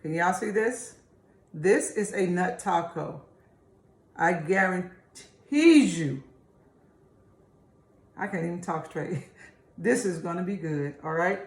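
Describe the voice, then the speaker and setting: A woman's voice: fairly low pitch, unhurried, gravelly. A woman hosting a casual home cooking video, chatty and homey, calling her viewers y'all. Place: home kitchen. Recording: echoey kitchen room.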